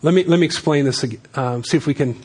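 Casual preaching man, slightly high voice. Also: quick pace, darkish tone, husky. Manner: casual, joking asides between scripture readings. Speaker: pastor. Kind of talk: sermon.

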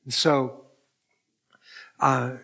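A man's voice: medium pitch, flat delivery, drawn-out words, vocal fry, bright, forceful tone, slightly rough. Conversational male preacher telling a story. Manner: conversational, retells dialogue with quoted voices. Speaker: pastor. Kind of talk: sermon with storytelling.

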